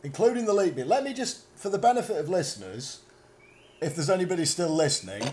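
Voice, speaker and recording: A British man with a rather high voice that swings animatedly up and down. He rambles through an improvised comedy chat, tripping over his words while claiming to know everything. He is talking from a motorway service station. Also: big pitch swings, fast, darkish tone. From Britain. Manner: rambling, stumbling, mock-confident. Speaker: podcast co-host.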